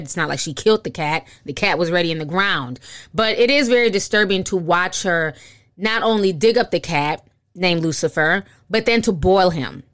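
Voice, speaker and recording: A woman's voice: mid-range voice, fairly bright tone. Woman doing gossip commentary, slangy, frank, just talking to camera. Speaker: commentary host.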